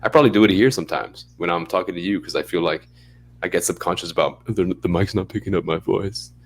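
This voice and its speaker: A man co-hosting a podcast, talking in a laid-back, chatty way and now and then acting out a bright phone voice. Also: low-pitched, fast talker, slight background noise. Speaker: podcast co-host. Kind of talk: casual chat.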